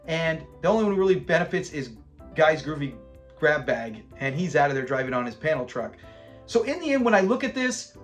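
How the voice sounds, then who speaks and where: A man hosting his own channel, giving a casual recap of a sitcom episode, chatty and animated, acting out the characters' lines. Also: on the high side. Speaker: channel host.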